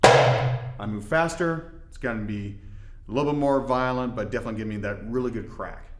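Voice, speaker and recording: A man from Indiana explaining hand-drum technique in a relaxed, step-by-step way with folksy asides. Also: mid-range voice, normal speed, roomy sound, over loud music. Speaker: darbuka teacher. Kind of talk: instructional demonstration.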